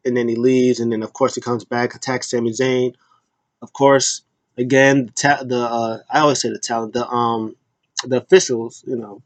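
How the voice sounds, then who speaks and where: Animated slangy man recapping wrestling. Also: mid-range voice, measured pace, pauses often, dry recording. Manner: animated storytelling, slangy, acts out quotes, many fillers. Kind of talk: casual recap commentary.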